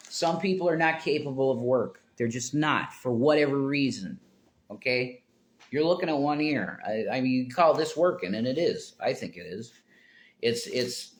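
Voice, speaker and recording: A man ranting to his live stream chat, swearing and getting worked up, his pitch jumping high when angry. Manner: worked-up, swearing, rising to near shouts.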